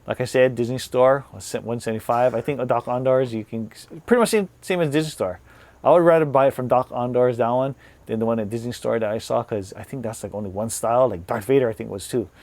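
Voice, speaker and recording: A male vlogger with a medium-pitched, slightly mellow voice chats casually with his viewers about products, talking fairly quickly. He rambles, repeats and restarts words, and says "like" a lot.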